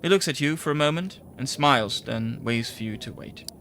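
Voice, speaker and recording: Bright-voiced man narrating a tabletop game. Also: mid-range voice, animated. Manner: measured, descriptive. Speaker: game master. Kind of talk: second-person tabletop narration.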